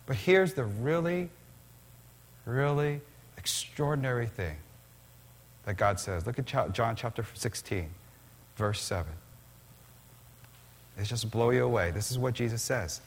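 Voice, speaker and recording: A male pastor delivering a sermon in a church. He preaches in an animated, conversational way. He often turns to the congregation with questions. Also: mid-range voice, normal speed, pauses often.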